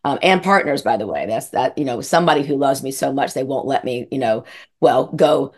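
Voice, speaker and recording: A woman coach, a guest on an interview show, telling her story in an animated way with many restarts. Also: rumbling low, a little fast. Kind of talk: casual interview chat.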